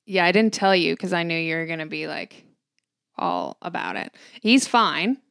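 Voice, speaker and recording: A woman's voice: lowish voice, normal speed, vocal fry, a bit bright, clear, resonant tone, no echo. A young adult woman co-hosting a podcast, talking in laid-back casual chat with loose, filler-heavy phrasing and dry reactions. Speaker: podcast co-host.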